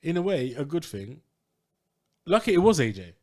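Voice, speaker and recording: Bloke cohosting a pod, bouncy up and down voice, jokey and easygoing. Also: male voice, a little high, sing-song, normal speed, darkish tone. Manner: joking, easygoing slang. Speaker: podcast co-host. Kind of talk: casual chat.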